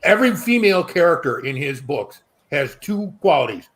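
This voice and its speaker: A middle-aged man telling stories in a casual panel discussion, animated and profane. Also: on the high side, normal speed. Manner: animated, profane storytelling with quoted voices. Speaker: panel guest.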